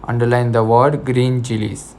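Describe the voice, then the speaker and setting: A man teaching an English lesson to children in Indian English, slowly repeating words and spelling them out letter by letter. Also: mid-range voice, level tone, a little mellow, a little hiss or hum. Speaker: school teacher.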